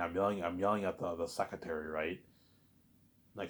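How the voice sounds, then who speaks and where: A man hosting his own listening series, talking in a rambling, excited way, stumbling over repeated words and often asking "you know what I'm saying". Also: low-pitched, moderate pace, long pauses. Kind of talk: rambling casual monologue.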